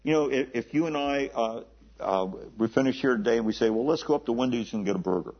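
A man preaching a sermon in a conversational way, often repeating words and slowing down to stress the scripture he quotes. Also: mid-range voice, slightly rough. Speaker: pastor. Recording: dull lo-fi recording.

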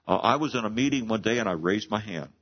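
A man's voice: fairly low pitch, animated, fast talker, breathy edge, lo-fi sound. A man preaching a sermon as pastor, explaining scripture earnestly and reading verses aloud with rising emphasis.

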